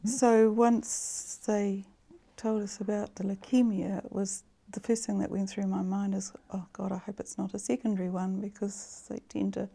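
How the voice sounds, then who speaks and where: A woman in a conversational interview, recounting events in a measured, detailed way. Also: medium pitch, gravelly, mellow. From New Zealand.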